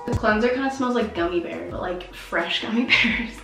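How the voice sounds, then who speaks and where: A woman's voice: mid-range voice, normal speed, gravelly. A young woman chatting casually as a beauty vlogger, giggly and poking fun at herself. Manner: chatty, giggly, self-mocking. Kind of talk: casual vlog chat. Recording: roomy echo with background music.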